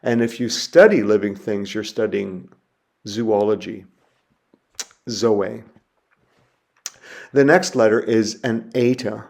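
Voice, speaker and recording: A man teaching a recorded lecture in a somewhat low voice. He speaks very slowly and methodically, pausing to sound out and repeat each example word. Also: gravelly, darkish tone. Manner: slow, methodical, spelling sounds out and repeating words.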